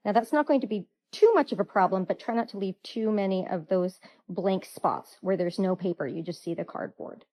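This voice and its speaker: A woman hosting a hands-on craft tutorial, chatty, playful and quick to get excited. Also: medium pitch, low-quality recording.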